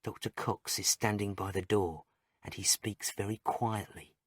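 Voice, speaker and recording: A man's voice: fairly low pitch, steady tone, unhurried, slightly rough, no echo, clean studio sound. A man narrating a graded-reader story for English learners in a plain, carefully spaced way, with short sentences.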